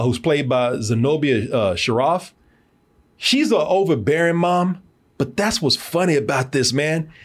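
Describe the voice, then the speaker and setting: A man hosting a casual movie review podcast, animated and laughing often, tripping over repeated words. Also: fairly high pitch. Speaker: podcast host.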